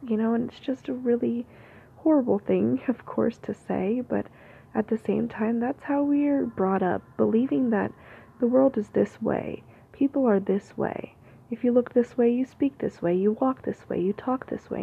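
Whispered ASMR talk: woman, very gravelly fry, rambling unscripted musing, tinny phone-like audio with faint hiss. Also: mid-range voice, steady tone, normal speed. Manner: unscripted, free-flowing musing.

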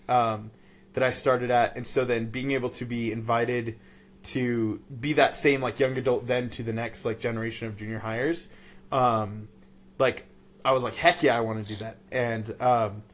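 A man's voice: mid-range voice, flat delivery, normal speed. Rambling young man, dry sarcasm. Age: young adult. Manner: rambling, sarcastic, many fillers. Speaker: podcast guest, youth group leader. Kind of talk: casual chat.

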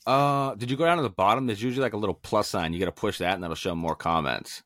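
Deep-voiced male co-host, dry close mic, jokey and profane. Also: fast talker, a bit bright, no room sound. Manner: joking, profane, laughs often. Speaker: podcast co-host. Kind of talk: casual chat.

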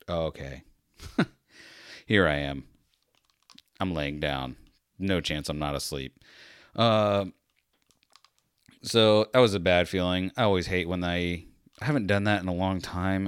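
A man's voice: sits low, smooth, no echo, clean studio sound. A man hosting a solo podcast who talks in a casual, rambling, self-deprecating monologue. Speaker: podcast host.

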